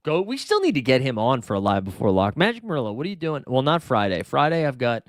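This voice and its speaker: A young fantasy sports livestream host speaks quickly at medium pitch, his voice swinging widely up and down. He chats casually, rambling and cursing through tangents, in a studio-quality recording with no echo.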